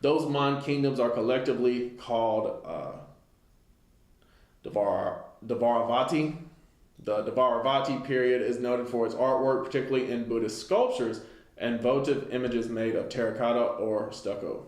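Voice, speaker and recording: A man with a mid-range, slightly mellow voice, speaking at a normal pace, gives an informal Bible study lesson. He reads a text aloud and comments on it loosely, using lots of fillers, in an echoey room.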